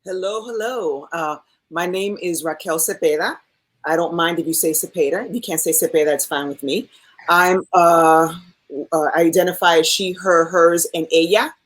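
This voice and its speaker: A woman from New York City with a somewhat low voice introduces herself on a panel over a video call. She speaks haltingly, full of uhs and restarts. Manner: halting, with many fillers and restarts. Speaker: filmmaker and panelist. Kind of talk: casual self-introduction.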